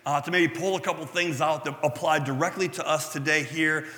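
A man preaching a sermon in a high, bright voice, talking with his congregation more than at them. He checks in with "right?" and drops in playful asides about himself, and his words ring out with a long hall reverb. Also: steady tone, fairly quick. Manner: conversational, asks the room "right?" often; self-deprecating asides. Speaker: pastor.

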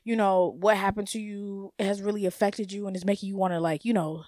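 A young woman hosting her own podcast, ranting in a blunt, profane, animated way and laughing often. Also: mid-range voice, quick pace, hardly any pauses, dry recording, clean studio sound. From United States. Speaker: podcast host. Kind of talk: casual solo podcast rant.

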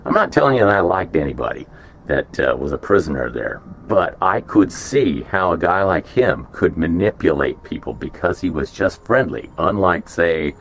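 Very deep-voiced man telling prison stories. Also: husky. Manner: rambling, many fillers and restarts. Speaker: former prison officer. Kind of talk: casual storytelling.

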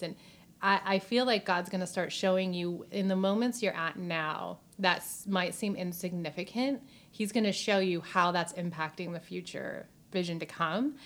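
A woman talking earnestly about her faith in a casual podcast chat, with many "like" fillers, at times near tears. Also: lowish voice. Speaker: podcast guest.

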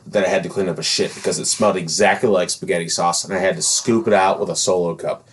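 A man telling a crude story in casual chat, swearing often and jumping to loud outbursts. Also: deep voice, fast talker. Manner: profane, animated storytelling with sudden loud outbursts. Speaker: podcast co-host, caregiver.

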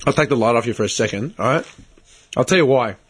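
A man's voice: mid-range voice, lively intonation, fast talker, slightly rough. A man, ranting bluntly and swearing in a casual chat as host.

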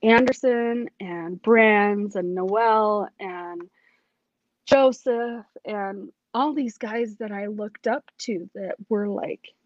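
A woman's voice: medium pitch, slow, no room sound, lo-fi sound. A woman, a police academy cadet, tells her personal testimony in an earnest, emotional way, often restarting her sentences.

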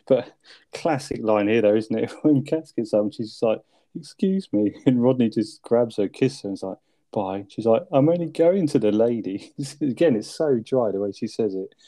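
A man's voice: mellow, dry recording. A man co-hosting a casual chat about a sitcom episode, laughing often and acting out lines. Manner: laughs often, acts out lines in squeaky voices. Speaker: podcast co-host.

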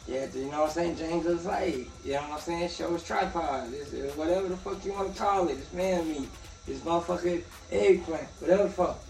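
A man co-hosting a podcast in casual chat, loud and laughing through crude banter. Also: on the high side, fairly quick, gravelly. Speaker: podcast co-host. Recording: echoey room from far off.

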